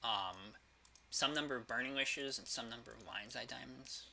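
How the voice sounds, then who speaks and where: A man's voice: medium pitch, fairly even intonation, brisk, gravelly, sharp tone, a little hiss or hum. A man casually commenting on his card game as he plays, thinking aloud with hesitations and the odd curse. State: has the hiccups.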